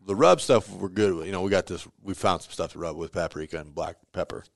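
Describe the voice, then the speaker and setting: A man's voice: sits low, fast talker, creaky, no echo, clean studio sound. A man who owns a pizzeria, telling stories in a casual interview, acting out the voices of the people in them and laughing often. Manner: animated storyteller who acts out quoted voices, laughs often. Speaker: pizzeria owner.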